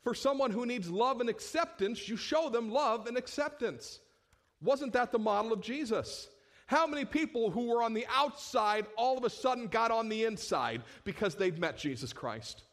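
A man with a high voice preaches a sermon from the pulpit. He leans on rhetorical questions and swings from loud bursts to hushed, low moments. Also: animated, normal speed. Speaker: pastor.

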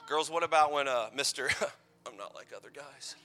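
A man in his thirties, a youth pastor, gives a playful, conversational sermon to young people, filled with personal stories and teasing asides. His voice is mid-range with a sharp tone at a moderate pace.

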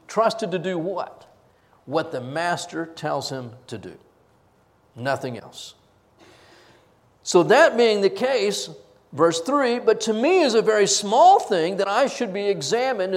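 A man preaching an expository sermon, emphatic and shifting between loud stresses and low asides. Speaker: pastor. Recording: reverberant hall.

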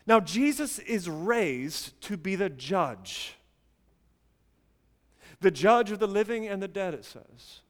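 A man preaching a sermon, emphatic at times and dropping to quiet intensity. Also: high voice, sing-song, slow pace, long pauses, in a large hall.

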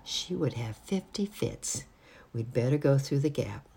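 Earnest little boy, voiced plainly by the reader, husky and gravelly, storybook reading. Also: mid-range voice, animated, unhurried, warm tone, heavily acted. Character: timid, earnest young boy.

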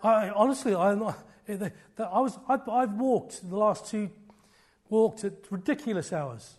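A middle-aged man preaching a sermon, swinging from loud declarations to hushed, almost whispered lines. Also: high voice, expressive, normal speed.

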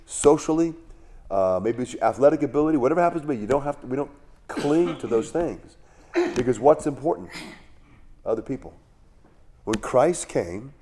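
A man's voice: medium pitch, dark tone. A middle-aged male pastor giving a sermon in a conversational way, with rhetorical questions and asides.

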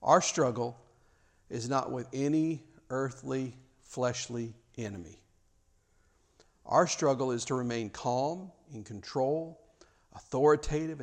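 A man preaching a sermon; he is animated, often stammers and restarts, and acts out the scenes he tells. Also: medium pitch. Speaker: pastor.

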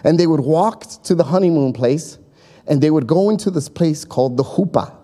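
A pastor with a warm, fairly high voice speaks at normal speed during a sermon, narrating a story casually. Along the way he acts out voices and repeatedly engages his listeners.

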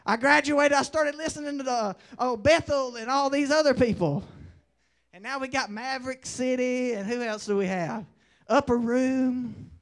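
High-voiced young male preacher. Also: normal speed. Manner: animated storytelling, swings between loud and hushed. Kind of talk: sermon testimony.

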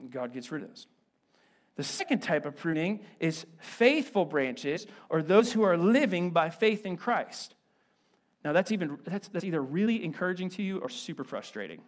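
Pastor, male, fairly high voice; lively, chatty sermon delivery with joking asides. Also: normal speed. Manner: animated, conversational, playful asides. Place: church.

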